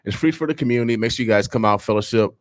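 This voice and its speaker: A man hosting a morning radio show, making animated, hyped announcements and chatting casually about community events. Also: mid-range voice, very fast, no room sound, studio quality.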